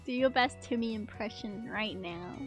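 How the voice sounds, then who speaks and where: A woman's voice: fairly high pitch, normal speed, a bit bright, soft background music. A woman streamer chatting casually to her viewers, playful and teasing, often giggling. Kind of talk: casual live-stream chat.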